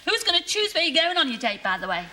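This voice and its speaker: A woman's voice: extremely high pitch, sing-song, fast. A woman hosting a TV dating show in a chatty, teasing way, laughing often. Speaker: host. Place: TV studio with live audience. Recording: loud studio audience and noise.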